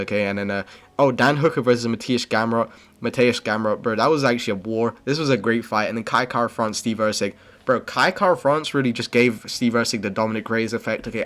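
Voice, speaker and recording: Young male host, casual slangy recap, blunt opinions, average-pitched voice. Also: a bit bright. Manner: rambling, slangy, says "bro" and "okay" constantly. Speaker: MMA commentary channel host.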